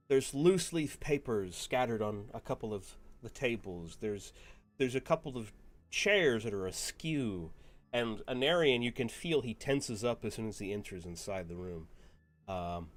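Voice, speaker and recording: A man narrating as game master of a tabletop game, rambling with lots of fillers. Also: on the low side. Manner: rambling, full of fillers and laughs.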